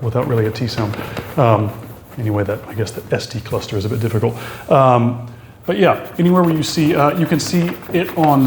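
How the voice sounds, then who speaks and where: A man explaining French accent marks in a lesson, pausing often with fillers and restarting his sentences. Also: medium pitch, a little mellow, reverberant, slight background noise. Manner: halting, many fillers and restarts. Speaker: French teacher.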